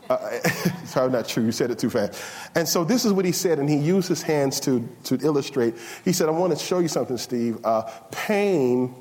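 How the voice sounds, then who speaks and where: A pastor preaching a sermon in a conversational style, building from calm to loud, high and fired up. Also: male voice. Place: church sanctuary. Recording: long hall reverb.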